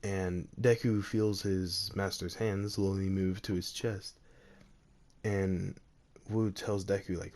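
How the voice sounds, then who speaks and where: A young man retells a story casually, rambling with lots of fillers. His voice sits low. It is gravelly and creaky. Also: steady tone, slow pace, darkish tone. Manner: rambling, full of "like" and "you know". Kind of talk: casual fan-fiction retelling.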